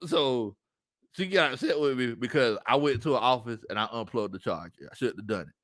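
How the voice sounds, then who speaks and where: A man hosts a relaxed sports livestream, reading out chat comments and spinning stories between bursts of laughter. His voice is bright and forceful, and his pitch rises and falls widely as he talks. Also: brisk. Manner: laughs often, reads chat comments aloud, storytelling. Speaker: sports show host.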